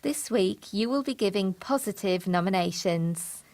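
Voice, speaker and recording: A woman delivering a reality show's formal scripted announcements, measured and calm. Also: mid-range voice.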